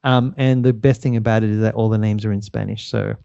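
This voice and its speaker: A man's voice: fairly low pitch, fairly even intonation, quick pace, vocal fry, mellow, clean tone, no echo, dull audio. A man hosting a podcast game segment in casual chat, laid-back, with lots of fillers and chuckles.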